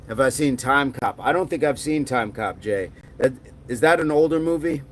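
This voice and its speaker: A man's voice: medium pitch, normal speed, a little hiss or hum. Joking man chatting on a livestream. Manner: loose and joking, drops into a mock movie-gangster voice. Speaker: livestream host. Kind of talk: casual livestream chat reading comments.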